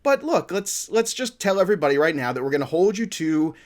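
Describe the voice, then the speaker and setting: A man's voice: fairly high pitch, big pitch swings, a little fast. A man hosting a fantasy football talk show, joking and enthusiastic, with a rambling, playful manner. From Italian-American family. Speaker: podcast host. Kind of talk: upbeat sports talk.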